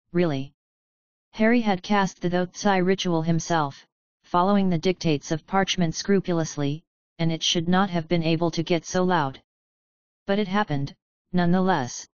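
A woman reads an audiobook in a steady, even manner. Her voice is smooth and fairly low, recorded dry with a slightly dull, lo-fi sound. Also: dry recording. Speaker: audiobook narrator. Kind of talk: audiobook narration.

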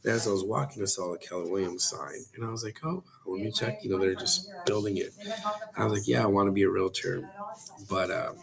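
A man telling his life story as a podcast guest, in a relaxed, rambling way full of likes and restarts. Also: sits low, brisk, vocal fry, a crowd in the background. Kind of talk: casual storytelling. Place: coffee shop.

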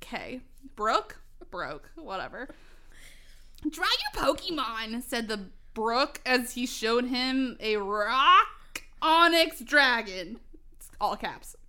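A woman co-hosting a podcast, reading bad fan fiction aloud haltingly, stumbling over the grammar and breaking into giggling fits. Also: fairly high pitch, sing-song, pushed and bright. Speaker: podcast co-host.

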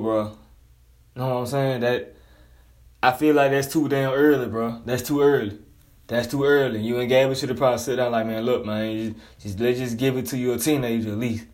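A man's voice: mid-range voice, a little mellow. A man delivering a blunt, profane, heated casual monologue as a commentator.

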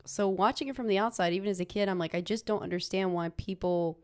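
A woman's voice: mid-range voice, steady tone, quick pace, smooth. A woman from the United States giving frank, opinionated views in casual chat, swearing now and then.

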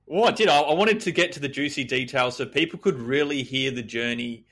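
A man hosts a podcast with a bright, forward voice of middling pitch. He listens attentively and encourages his guest. His questions come across as warm and supportive. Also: brisk. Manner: attentive, encouraging, fills in with murmurs. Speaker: podcast host. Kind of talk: podcast interview.

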